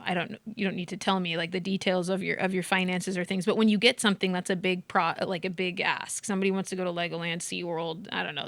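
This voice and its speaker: A woman's voice: fairly low pitch, vocal fry, fairly bright tone, no echo. A middle-aged woman hosting an interview, asking long, loosely phrased questions and listening closely. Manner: attentive, rambling questions with restarts. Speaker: host.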